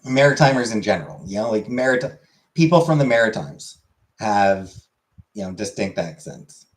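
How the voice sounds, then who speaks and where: At normal speed and in a voice on the low side, a young man casually chats with viewers during his stream. His easygoing talk rambles, full of filler words.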